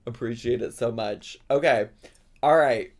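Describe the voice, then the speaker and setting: A man's voice: mid-range voice, a little slow, darkish tone. A man hosting a casual live stream, chatting playfully with viewers and breaking into squeals and giggles. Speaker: streamer host.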